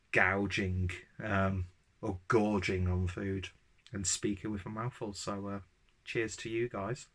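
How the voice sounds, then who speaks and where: A man's voice: on the low side, bright, forceful tone. Enthusiastic man reviewing beer. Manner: enthusiastic, self-mocking, rambling with ums. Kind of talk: casual tasting review.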